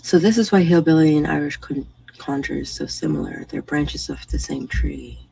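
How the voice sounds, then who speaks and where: A woman's voice: low-pitched, normal speed, creaky, warm tone, a little hiss or hum, poor audio. A woman hosting a casual morning chat stream from home, chatting and answering viewers' messages. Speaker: livestream host.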